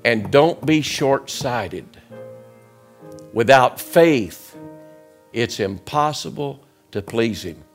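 A middle-aged man preaching an impassioned sermon in a church, swinging between loud shouts and quiet, close asides. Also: medium pitch, animated, very slow, long pauses, faint music behind. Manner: preaching with rising shouts and sudden drops to quiet. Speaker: guest preacher. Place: church sanctuary.

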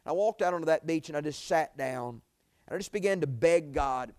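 A man's voice: fairly high pitch, brisk, a little mellow, clean tone. A middle-aged man preaching a sermon, telling a folksy personal story that climbs to pleading, emotional peaks.

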